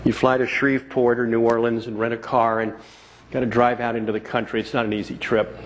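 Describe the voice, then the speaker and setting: A man's voice: medium pitch, level tone, fairly quick. Guy doing a keynote talk to a crowd, tells lots of stories, says key lines twice, faint hiss behind. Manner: storytelling, repeats key phrases for emphasis. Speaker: keynote speaker. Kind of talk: motivational keynote speech. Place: conference hall before a live audience.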